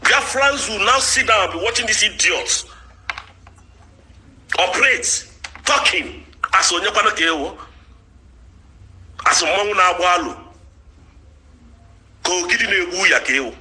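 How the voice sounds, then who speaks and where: A man delivers a furious, insulting rant. His voice is high and very bright, and his pitch leaps all over as he shouts. He scolds and hurls insults without letup. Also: lively intonation, unhurried, long pauses, rough recording. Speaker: political commentator. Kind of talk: angry ranting monologue.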